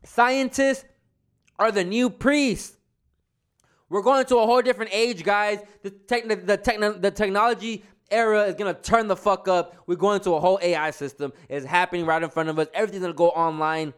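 A man's voice: high voice, fairly even intonation, moderate pace, smooth. A young man ranting heatedly in a casual monologue, swearing often and restarting his sentences. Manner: heated, profane, repetitive restarts. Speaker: vlogger.

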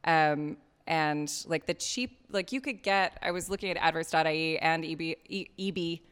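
A low-pitched woman with a smooth, clear voice talks shop about podcasting. She is chatty and frank and swears casually. Her words ring out with the long reverb of a hall. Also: moderate pace, a bit bright. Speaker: podcast host giving advice. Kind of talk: casual talk at a panel.

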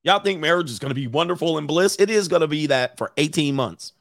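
Guy coach reacting to clips, jokey and slangy, kinda high voice, laughs a lot. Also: animated, fast talker, creaky, no echo, studio quality. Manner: joking, slangy, laughing asides. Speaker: dating coach. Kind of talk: live reaction commentary.

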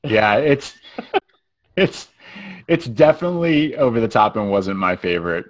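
A man's voice: medium pitch, measured pace. A man co-hosting a film review podcast, chatting casually and rambling with many restarts.

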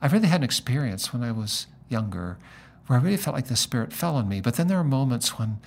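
A middle-aged man, a pastor, talking in a relaxed conversation and telling a story, acting out the lines of the people in it. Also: medium pitch, fast, gravelly. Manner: animated storyteller acting out dialogue. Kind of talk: conversational storytelling in a podcast interview.

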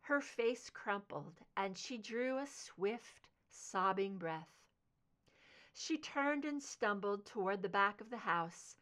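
A woman reading fan fiction aloud, narrating in an expressive, emotive way. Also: medium pitch, slow. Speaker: audiobook reader.

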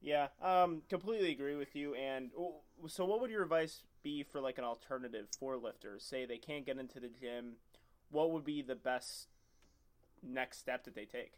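Man, medium pitch, earnest, emphatic, podcast host, casual chat. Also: moderate pace.

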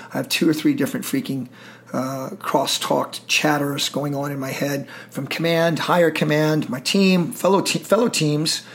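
Man, middle-aged, gravelly voice, intense, profane storytelling. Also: mid-range voice. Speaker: guest, military veteran. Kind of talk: storytelling interview.

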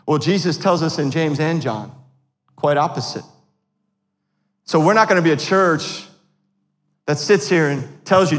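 Animated pastor preaching in a reverberant church. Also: male voice, a little high, normal speed, long pauses. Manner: animated, self-deprecating, laughs often. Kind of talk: sermon. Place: church sanctuary. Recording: long hall reverb.

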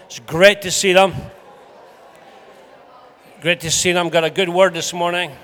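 A man's voice: sits high, fairly even intonation, a little slow, a bit bright. A Scottish man preaching a sermon to a congregation in a chatty, joking, emphatic way. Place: church hall. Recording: hall reverb.

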